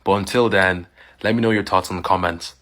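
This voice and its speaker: Deep-voiced man vlogger. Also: steady tone, fairly quick, sharp tone. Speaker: video creator. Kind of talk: casual vlog sign-off.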